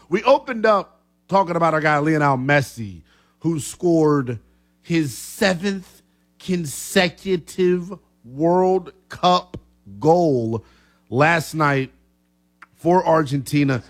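A man hosting a sports talk radio show, talking with animated energy. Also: fairly high pitch, slow. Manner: lively, animated, coughing fits.

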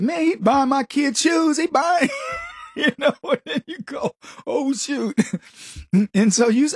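A man hosting a talk radio show, telling stories in an animated way and acting out what people said. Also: sits high, slightly rough, no echo, clean studio sound. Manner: animated storytelling, acts out quotes.

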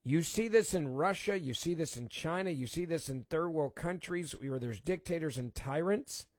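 A man's voice: on the high side, expressive, moderate pace, dry recording, clean studio sound. A man hosting a talk radio show, reading out a report and then ranting with emphatic, repeated phrases before taking calls. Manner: indignant, emphatic, repeats himself.

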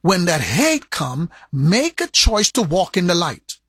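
A man preaching a sermon, swinging sharply in pitch and pace and repeating words for emphasis. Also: huge pitch swings, slow pace, a bit bright, breathy edge, no room sound.

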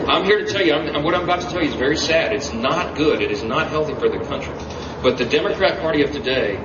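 Male politician from Louisiana at a campaign event, animated and emphatic, heard from afar in an echoey, noisy hall. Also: fairly high pitch, fast. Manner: emphatic, repeats words, asks the crowd questions. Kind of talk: campaign rally speech. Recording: roomy, distant, dull with loud crowd noise.

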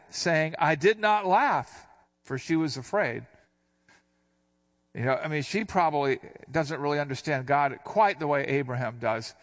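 An older man giving a conversational sermon, explaining a Bible passage verse by verse in a relaxed, plain-spoken way and slowing down to read the scripture. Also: on the high side. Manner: slows down when reading scripture. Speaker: Bible teacher.

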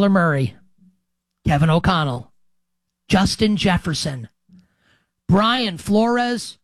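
Brash sports radio host, dry studio sound. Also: male voice, sits high, animated, moderate pace, a bit bright, dry recording. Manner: brash, emphatic, jokey. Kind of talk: sports talk radio monologue.

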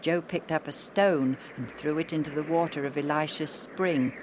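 A woman narrating a children's story in a clear, steady storytelling manner. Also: deep voice, normal speed, few pauses, slight background noise.

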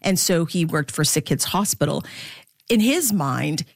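A woman sportscaster from the Philippines speaks in an interview. Her voice sits a little low, and she laughs often and does animated voices for people in her stories. The sound is dry and close, with no room around it. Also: a little slow, creaky, no echo. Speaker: sportscaster guest. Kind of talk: interview conversation.

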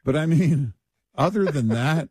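Animated rambling man from Texas. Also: a little high, unhurried, husky. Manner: rambling, animated, trailing restarts. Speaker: radio talk show host. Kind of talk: casual talk radio chat.

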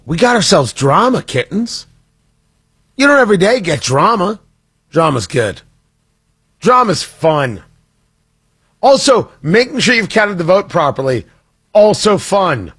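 A man's voice: high voice, very animated, a little slow, long pauses, fairly bright tone, husky, no echo. A man hosting a political talk radio show, speaking in a sarcastic, mocking monologue with frequent restarts.

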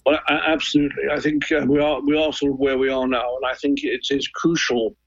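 A man's voice: mid-range voice, little pitch movement, brisk, muffled recording. An older man, a former club chairman, talking as a guest on a radio discussion in an earnest, hesitant way, often repeating words.

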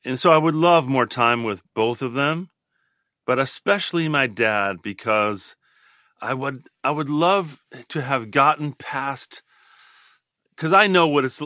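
A man in his sixties talks things through slowly and openly as an interview guest, often stopping to restart a thought. His voice has a bright, forceful edge. The recording is dry and close. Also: medium pitch, dry recording. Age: 60s. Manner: thoughtful, halting, with frequent restarts. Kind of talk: reflective interview talk.

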